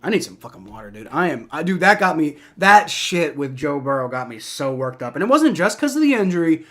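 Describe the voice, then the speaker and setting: A man's voice: on the high side, sing-song, brisk, a bit bright. A young man streaming live football reactions and play-by-play, heated and profane, ranting with many restarts.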